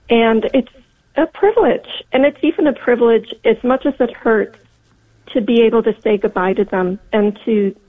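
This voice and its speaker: A woman in her fifties calling into a radio show, speaking softly and reflectively. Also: medium pitch. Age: 50s. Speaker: caller. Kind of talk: call-in radio chat. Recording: tinny phone line.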